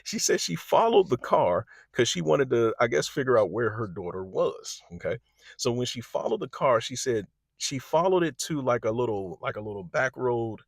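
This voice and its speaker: A man's voice: medium pitch, gravelly, no echo, studio quality. A man telling a personal story in a casual vlog, acting out what other people said. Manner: animated storyteller, quotes others in lively voices.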